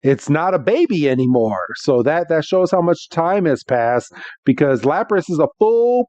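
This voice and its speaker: A man's voice: on the high side, very animated, normal speed, a little mellow, dry recording. A man hosting a podcast, casually recapping an episode in a rambling way with many restarts. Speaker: podcast host. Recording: dull dry lo-fi.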